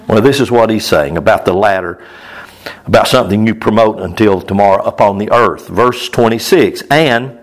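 Conversational man preaching a Bible teaching. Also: fairly low pitch. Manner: informal, repeats phrases, chuckles, addresses the congregation directly.

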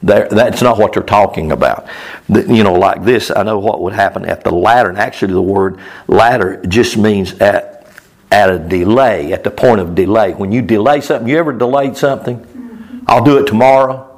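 A man's voice: fairly low pitch, brisk. A man preaching a sermon in a loose, conversational way, repeating his phrases, chuckling now and then and talking straight to the congregation. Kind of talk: conversational Bible-teaching sermon.

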